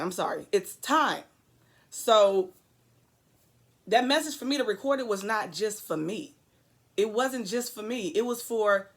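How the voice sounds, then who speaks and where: A woman giving an earnest, preachy motivational talk to camera, hammering points home with repetition and drifting into rambling asides. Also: mid-range voice. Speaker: vlogger.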